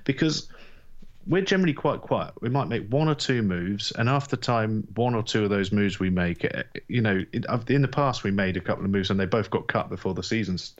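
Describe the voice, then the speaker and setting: A man co-hosting a sports podcast, talking in a deadpan, dry way and wandering into anecdotes. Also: fairly low pitch, fairly quick, muffled recording. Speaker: podcast co-host. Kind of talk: casual chat.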